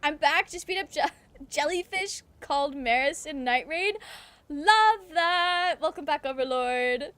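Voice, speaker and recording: High-voiced laughing streamer woman. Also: normal speed, dry recording. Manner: animated, laughing often, swearing, reading chat aloud. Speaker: game streamer. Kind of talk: casual gameplay commentary.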